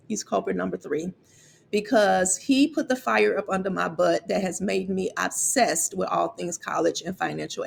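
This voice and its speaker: Gravelly-voiced woman telling a personal story. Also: medium pitch, a little hiss or hum. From Chicago. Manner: candid, emotional, repeats words when moved. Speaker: college financial aid vlogger.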